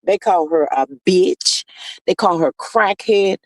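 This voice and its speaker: High-voiced sassy man live-streaming. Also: no room sound. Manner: sassy, drawn-out, calls viewers honey and child. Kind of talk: casual live-stream chat, reading comments aloud. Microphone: phone.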